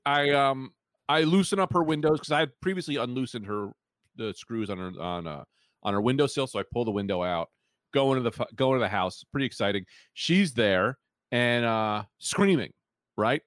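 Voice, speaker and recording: A man's voice: mid-range voice, lively intonation, moderate pace, no echo, studio quality. A man hosting a podcast, telling an improvised comic story in a rambling, casual way and switching voices for the people he quotes.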